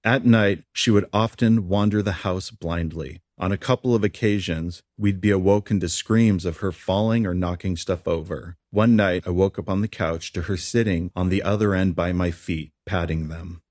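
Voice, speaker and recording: Deep-voiced man narrating a memoir. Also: fairly even intonation, normal speed, few pauses, a little mellow, no room sound, clean studio sound. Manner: plain, somber storytelling.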